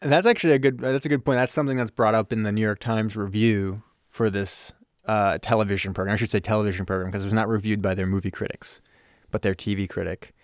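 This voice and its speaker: A man's voice: on the low side, fairly even intonation, quick pace, no echo, clean studio sound. A man co-hosting a podcast, chatting casually about a movie in a rambling way, often restarting his sentences. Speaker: podcast co-host. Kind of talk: casual movie review chat.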